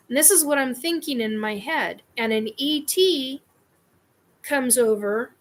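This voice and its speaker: A woman's voice: fairly high pitch, expressive, unhurried, fairly bright tone. A woman hosting her own show, telling a personal experience in a scattered, rambling way. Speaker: host.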